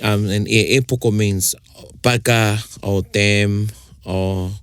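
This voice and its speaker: A man's voice: on the low side, steady tone, slow pace, smooth, dry recording, clean studio sound. A man hosting a casual podcast, playfully teaching te reo phrases and acting out examples. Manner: playful, mixes Māori and English, acts out example lines. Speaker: host.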